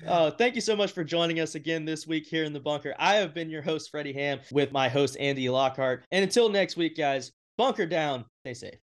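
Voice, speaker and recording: A man's voice: on the high side, fairly even intonation, fairly quick, hardly any pauses. A man hosting a podcast, upbeat and teasing, with joking asides in casual talk. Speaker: podcast host.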